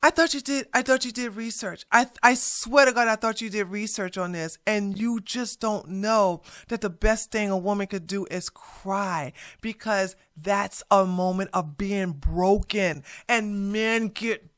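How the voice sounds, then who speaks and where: A woman's voice: mid-range voice, unhurried, hardly any pauses. A woman hosting reaction commentary, blunt and mocking, with a profane edge. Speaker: commentary host.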